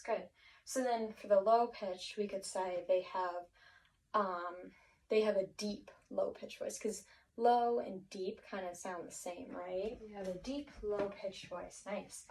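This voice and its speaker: A woman's voice: medium pitch, darkish tone, distant mic, slight background noise, low-quality recording. A woman teacher walking a class through vocabulary in an encouraging way, thinking aloud and often restarting her sentences. Her voice sits in a middle register and is picked up from a little way off the mic.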